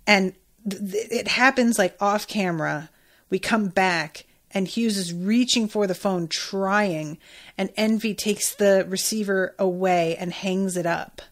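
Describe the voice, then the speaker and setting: A woman's voice: mid-range voice, measured pace. A woman hosting a podcast, recapping an episode in casual chat with emphatic, exclamatory reactions and frequent swearing. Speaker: podcast host.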